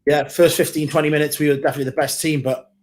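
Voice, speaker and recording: A man's voice: on the high side, little pitch movement, racing, darkish tone, a little hiss or hum. A man from Wales co-hosting a live football watchalong, teasing and rueful. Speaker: co-host.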